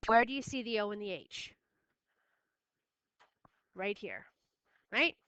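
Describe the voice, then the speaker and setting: Woman math teacher, bright clear voice, dry close sound, firm and repetitive. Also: mid-range voice, animated, takes it slowly, dry recording, dull audio. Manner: firm, repeats key steps. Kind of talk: classroom lesson recording.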